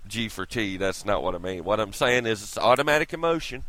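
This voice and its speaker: A man's voice: medium pitch, sing-song, fast, few pauses, fairly bright tone, dry recording. A man ranting in a vlog, irritated, profane and sarcastic, talking close to the mic. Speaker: vlogger. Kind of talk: profane opinion rant.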